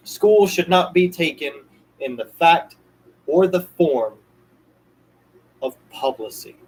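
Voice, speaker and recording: A man's voice: sits high, slightly rough, low-quality recording. A young man streaming a ranting monologue, emphatic and repetitive, swearing now and then. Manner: emphatic, repeats himself, swears.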